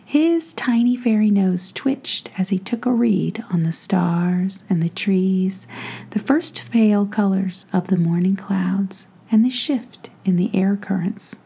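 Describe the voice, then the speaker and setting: A woman softly whispering a bedtime fairy story at home in a hushed, slow manner. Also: medium pitch, gravelly, breathy edge. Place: home with a pet nearby.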